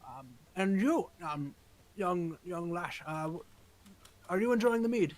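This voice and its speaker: A man voicing an old male leader of dragon hunters, earnest and weary, speaking in a halting, grave, formal way. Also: high-pitched, lively intonation, voice pushed up, low-quality recording. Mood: genial. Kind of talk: role-playing a tabletop game character.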